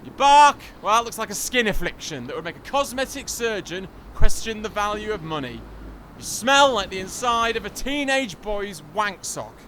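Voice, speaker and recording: A man's voice: sits high, very animated, moderate pace, a little hiss or hum, heavily acted. An actor playing an irate xenophobic man who rants theatrically at a tree in his garden outdoors. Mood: indignant. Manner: theatrical ranting, shouted chants.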